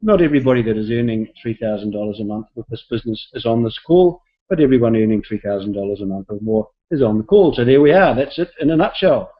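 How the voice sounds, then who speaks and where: A man's voice: mid-range voice, expressive, fast talker. A man hosting a team call, chatty and upbeat, rambling with fillers as he welcomes people over a video call. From South Pacific, not Australia. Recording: dull lo-fi call audio.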